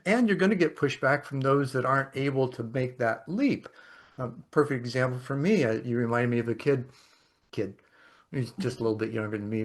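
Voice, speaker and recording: A man hosting a podcast, telling stories in a casual, animated way and laughing often. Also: medium pitch. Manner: animated storyteller, acts out quotes, laughs often. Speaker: podcast host. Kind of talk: casual conversation, storytelling.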